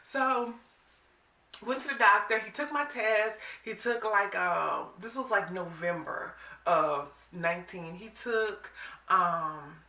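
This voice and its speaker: Brief: woman, 40s, casual vlog storyteller, bright and forceful, a little off-mic. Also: mid-range voice, slow pace, reverberant, distant mic. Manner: animated, dramatic retelling with quoted voices. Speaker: vlogger.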